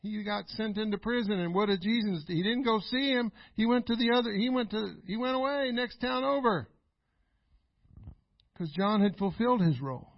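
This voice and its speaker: A man pastor preaching a sermon, emphatic and repetitive, building to loud exclamations. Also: high-pitched, moderate pace, gravelly, dry recording. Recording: dull, dry lo-fi recording.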